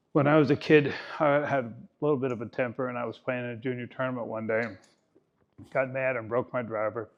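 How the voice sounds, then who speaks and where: A man's voice: medium pitch, lo-fi sound. A man in his eighties giving a keynote talk as a golf coach, telling stories with folksy, self-mocking humor. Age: 80s.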